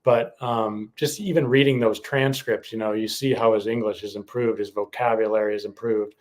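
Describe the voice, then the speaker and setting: A man's voice: on the low side, fairly even intonation, moderate pace. Hesitant man co-hosting a podcast. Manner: hesitant, many fillers and restarts. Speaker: podcast co-host. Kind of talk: casual chat.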